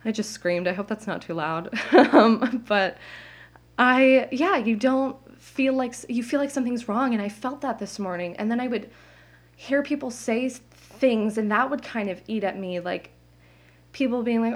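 A young woman hosting her own podcast, talking candidly and at length, full of "like" fillers and quick laughs. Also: a little high. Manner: candid, rambling, many "like" fillers, laughs often. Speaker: podcast host. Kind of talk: casual solo podcast monologue. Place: home, indoors.

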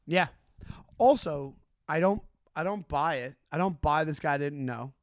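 A man's voice: on the high side, measured pace, no echo, studio quality. A young man with a Long Island accent, co-hosting a casual podcast chat and acting out mocking voices. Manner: animated, acts out mocking voices. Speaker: podcast co-host.

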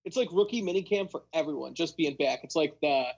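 A man's voice: a little high, fairly quick, gravelly, a little mellow, lo-fi sound. A young man chatting casually about football as a podcast co-host, rambling with lots of fillers. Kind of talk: casual sports chat.

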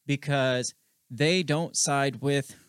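A man co-hosting a podcast, talking politics in a casual, animated way. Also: mid-range voice, takes it slowly, clean tone, dry recording, clean studio sound. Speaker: podcast co-host.

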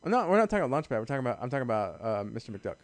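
Fast-talking crude man chatting casually. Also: medium pitch, very animated, no echo. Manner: fast, crude, cuts himself off and restarts. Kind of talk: casual chat.

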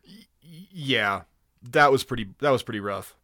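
A man co-hosts a podcast, rambling through casual chat, laughing often and swearing freely. His voice is medium-pitched and animated with a sharp tone at a moderate pace. The sound is clean studio quality with no room sound.

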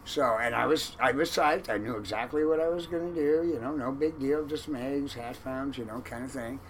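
A man telling a long story in an interview about his time as a fishing boat cook, animated and acting out the lines of others. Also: mid-range voice, brisk, slight background noise, poor audio. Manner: animated, acts out quoted lines loudly.

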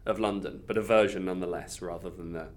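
A man's voice: low voice, fairly even intonation, quick pace. A man co-hosting a podcast, thinking aloud about a film in a hesitant way, with many fillers and trailing phrases. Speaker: podcast co-host. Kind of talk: casual film discussion.

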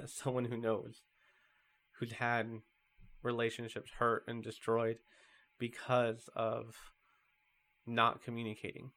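A man's voice: mid-range voice, a bit bright. Man, sermon, conversational, storytelling, casual fillers. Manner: conversational, storytelling with acted quotes.

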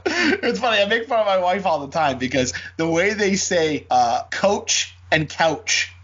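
A man's voice: high voice, sing-song, unhurried, a bit bright, slightly rough. A Canadian man in his thirties, co-hosting a casual music chat, talkative and often laughing. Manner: chatty, laughs often, does voices. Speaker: podcast co-host. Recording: dull lo-fi audio.

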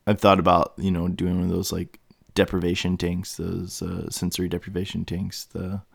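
A man hosts a solo podcast, rambling as he thinks aloud with many fillers and restarts, all while he has the hiccups. His low, monotone voice moves at a moderate pace with vocal fry and a breathy edge, recorded cleanly in a studio with no room sound.

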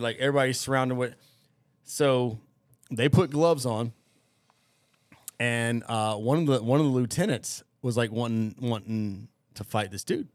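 A man's voice: mid-range voice, no echo, clean studio sound. Rambling, profane man telling a story. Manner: profane, rambling, full of fillers. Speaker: podcast host. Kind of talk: casual storytelling chat.

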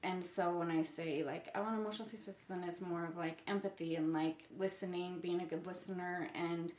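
A woman's voice: on the low side, fairly even intonation, a little fast, darkish tone. A mother talking in a loose, rambling way with a lot of fillers, as a podcast co-host in casual chat. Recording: echoey room.

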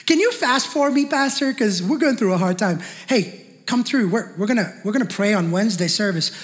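A preacher voicing evasive churchgoers in a whiny, pleading, mocking tone, heard with long hall reverb. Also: male voice, high-pitched, expressive, brisk. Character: reluctant churchgoers, mixed adult crowd, evasive.

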